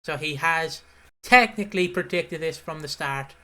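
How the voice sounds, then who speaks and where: UK podcast co-host, casual and unhurried, mid-pitched voice. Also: bright, forceful tone. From United Kingdom. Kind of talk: casual chat recapping a soap episode.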